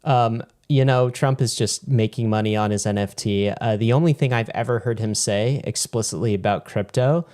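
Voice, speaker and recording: A man co-hosting a casual podcast, talking in a relaxed way and often hedging his opinions. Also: fairly low pitch, normal speed, hardly any pauses. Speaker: podcast co-host. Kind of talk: casual chat.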